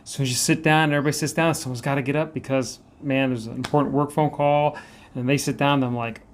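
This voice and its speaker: Southern guy hosting, mid pitch, chatty and easygoing, slight hiss behind. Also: fairly even intonation, fast. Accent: Southern American. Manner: chatty storyteller, laughs easily. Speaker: host. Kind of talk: casual conversation.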